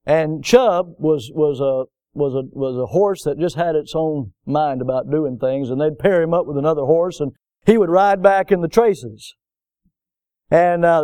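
A man preaches in a mellow, somewhat high voice, telling folksy stories as he goes. He swings between loud, driving emphasis and quieter, softer passages. The sound is dry and close. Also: dry recording. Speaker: pastor. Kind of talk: sermon.

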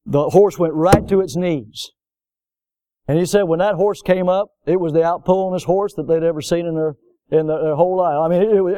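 A man preaches in a mellow, somewhat high voice, telling folksy stories as he goes. He swings between loud, driving emphasis and quieter, softer passages. The sound is dry and close. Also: a little fast, dry recording. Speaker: pastor. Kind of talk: sermon.

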